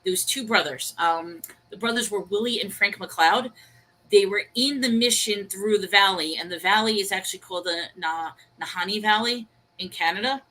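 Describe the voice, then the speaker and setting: A woman co-hosting a casual online chat show, telling stories in an animated, chatty way. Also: medium pitch, moderate pace, rough recording. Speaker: co-host.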